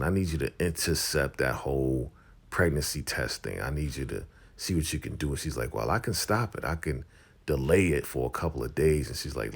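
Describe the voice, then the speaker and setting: Super deep gravelly guy doing a laid-back tv recap, slangy, acts out the lines. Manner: retells scenes in loose slang, acting out lines. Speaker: TV recap host. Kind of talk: casual episode recap.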